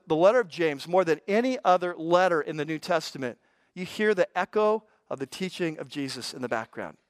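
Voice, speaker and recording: A man's voice: a little high, no echo. An older man, a pastor, preaching a sermon in a conversational way, with folksy asides and frequent stammered restarts.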